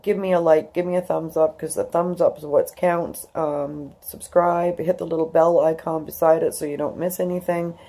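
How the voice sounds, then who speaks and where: A woman in her fifties with a low, gravelly voice and a warm, mellow tone. She talks to her viewers in a personal vlog, tearful and rambling, full of fillers and restarts. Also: level tone, normal speed, few pauses. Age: 50s. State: crying. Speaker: YouTuber.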